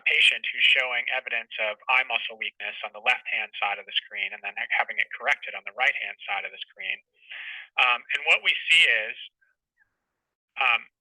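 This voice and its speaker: A man's voice: mid-range voice, pushed and bright, dry recording, far from the mic, rough recording. A man who is a clinician, giving a medical webinar lecture in a patient, explanatory teaching tone.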